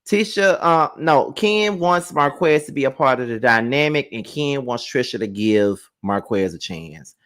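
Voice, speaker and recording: A man's voice: mid-range voice, lively intonation, a little slow, few pauses, a bit bright. A man giving a live reality TV recap, ranting to his viewers with lots of profanity. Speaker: TV show reviewer.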